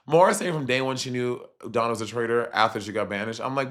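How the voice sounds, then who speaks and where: A man chatting casually on a livestream as he reacts to a reality show, animated and profane, with sudden jumps in pitch. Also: a little fast. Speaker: streamer reviewing a reality show.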